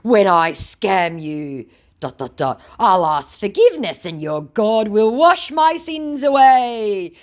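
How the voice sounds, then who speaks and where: A woman voicing a deluded male scammer in a slow, exaggerated, mocking way. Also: medium pitch, sing-song, voice pushed up. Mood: smug.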